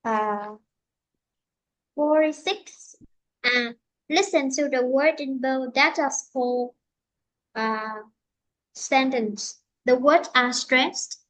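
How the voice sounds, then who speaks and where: A woman teaching an English lesson, explaining slowly and patiently with many fillers. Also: sits high, a bit bright, low-quality recording.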